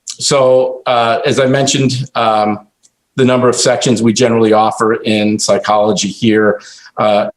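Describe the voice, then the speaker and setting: A man with a fairly low voice gives a slide presentation to a college board. He speaks in a halting way and fills the gaps with many ums and uhs. He restarts his sentences often as he presents. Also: low-quality recording. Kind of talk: formal presentation at a board meeting.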